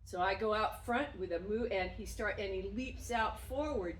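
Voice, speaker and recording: A woman's voice: normal speed, hardly any pauses, slight background noise. Woman dog trainer, roomy distant sound. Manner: bursts into high, loud, effusive praise for the dog. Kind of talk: demonstrating dog training outdoors.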